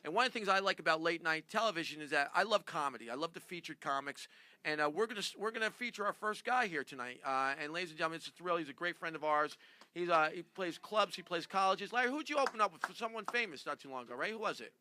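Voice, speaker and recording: A man's voice: fairly high pitch, lively intonation, fast, bright, forceful tone. A man hosting a late-night style talk show, chatty, introducing a comic to the audience. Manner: chatty, hypes and introduces acts. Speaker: show host.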